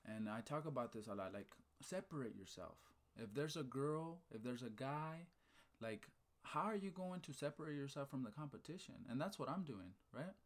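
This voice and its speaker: Against background noise, a man with a medium-pitched voice speaks at a moderate pace, energetically telling a story in casual chat. He's animated and fired up, repeating "right?" and "okay?", with casual swearing and talk of faith.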